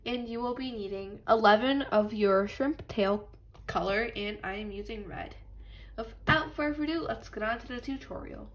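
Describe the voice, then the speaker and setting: A woman with a stuffy nose from allergies, calmly talking through a step-by-step craft tutorial and apologizing now and then. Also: on the high side, moderate pace. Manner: patient, apologetic instructions.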